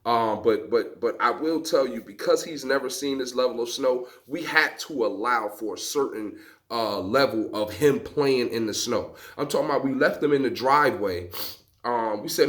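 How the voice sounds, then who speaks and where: A man vlogging from an outdoor home gym, telling a story to his viewers in a lively, emphatic way while working a rowing machine. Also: moderate pace. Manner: lively, emphatic storyteller, acting out quotes with big pitch jumps.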